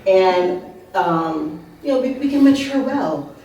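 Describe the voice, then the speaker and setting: Warm and expressive, this woman's mid-range voice moves slowly as she tells funny stories from her own life at an art venue's open mic. In her fifties and an author, she chats freely, tossing asides and questions to the crowd. Heavy echo and distance mark the recording.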